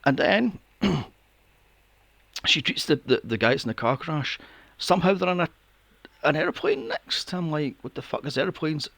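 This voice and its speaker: Animated swearing podcast host. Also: male voice, a little high, measured pace, vocal fry, long pauses, no echo. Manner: animated, swearing, mock-quoting reactions. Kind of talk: casual plot recap.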